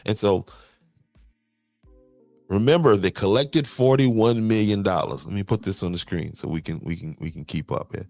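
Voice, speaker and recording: A man's voice: fairly low pitch, moderate pace, darkish tone, dry recording, clean studio sound, faint music behind. A man, hosting a podcast and explaining local money matters, restarting words and checking in with "okay". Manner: repeats words, restarts and says "okay" often. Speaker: podcast host. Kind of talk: explaining local county finances to viewers.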